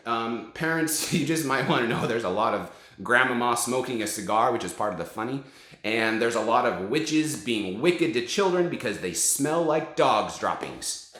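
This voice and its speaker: A man's voice: medium pitch, fairly bright tone, echoey room. A man in his forties, a father, eagerly recommending children's books to camera. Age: 40s. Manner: enthusiastic, encouraging. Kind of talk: casual book recommendations to camera.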